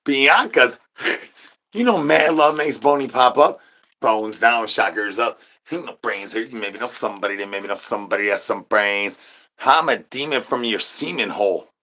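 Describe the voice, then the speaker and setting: A man's voice: medium pitch, normal speed, sharp tone. A man livestreaming, rambling nonsense to his chat in a sing-song patter, repeating rhyming filler syllables and catchphrases.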